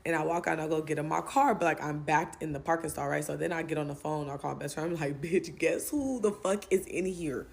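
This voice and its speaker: A young woman telling a storytime story in a casual, profane, animated way. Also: sits low, fast talker, gravelly, hardly any pauses.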